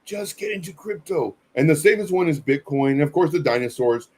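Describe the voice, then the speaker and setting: Man, co-host, slightly high voice, earnest, rambling with fillers. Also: expressive, fairly quick, darkish tone, breathy edge. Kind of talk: casual live-stream chat.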